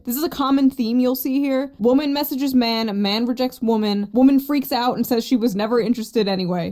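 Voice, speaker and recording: A woman's voice: a little high, lively intonation, brisk, hardly any pauses, a little mellow, soft background music. A woman reading out text messages in a snarky voice-over, blunt and sarcastic in her commentary. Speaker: narrator reading texts aloud.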